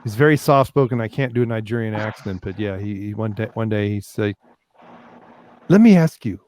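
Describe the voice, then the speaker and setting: A man casually telling an anecdote on a podcast, with quiet trailing asides. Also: fairly low pitch, little pitch movement, fast talker, a little hiss or hum. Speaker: podcast co-host.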